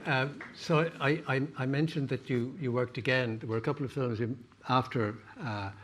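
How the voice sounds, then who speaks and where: Bright-voiced man interviewing a guest. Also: medium pitch, fairly even intonation, normal speed. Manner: friendly questioning, playful. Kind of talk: casual interview.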